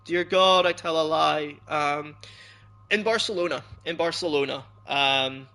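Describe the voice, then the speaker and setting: Young Scottish streamer, fairly high, gravelly voice, loose rambling chat to viewers. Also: male voice, unhurried, bright, forceful tone. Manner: rambling, loose and laughing often, chatting to viewers. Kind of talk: casual chat while streaming a game.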